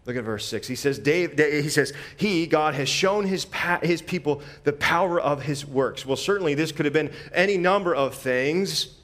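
Animated man preaching a sermon. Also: on the high side, normal speed. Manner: conversational, animated preaching with repetitions.

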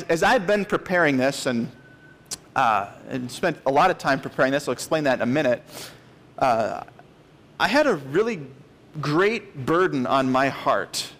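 A pastor in his late thirties delivers a sermon with an earnest, emphatic push. His voice sits a little high for a man, and he leans hard into the words he wants to land. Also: a bit bright. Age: 30s. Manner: earnest, emphatic, with rising stress on key words.

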